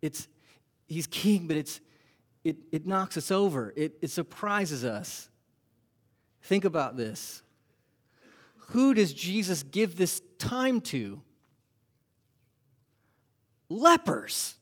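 Pastor, man, unhurried sermon delivery, fairly high voice, animated with rhetorical questions.

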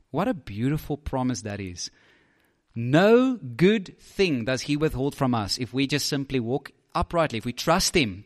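A man preaching a sermon, lively and emphatic, often repeating words and asking "right?". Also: on the high side.

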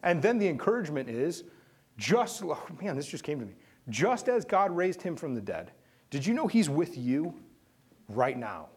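A man's voice: fairly high pitch, big pitch swings, moderate pace, darkish tone, slightly rough. A man preaching a sermon and leading a closing prayer, talking to the congregation and asking them questions. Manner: conversational, asks the congregation questions. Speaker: pastor.

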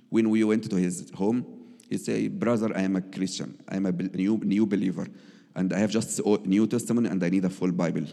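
A man's voice: low-pitched, fairly even intonation, fairly quick, gravelly, dark tone, long reverb tail. A man, telling his personal testimony as a missionary in earnest, broken English with frequent restarts. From Egypt.

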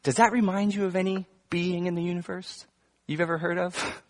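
A man's voice: sits high, steady tone, fairly quick. A male pastor preaching a sermon to his congregation in a conversational way, with humorous asides and emphatic bursts. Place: church before a congregation.

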